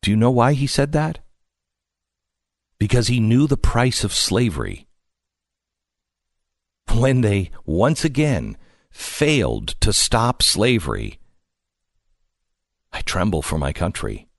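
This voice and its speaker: A male talk show host giving an impassioned commentary monologue, emphatic and slow with dramatic pauses. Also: mid-range voice, very animated, dry recording, studio quality.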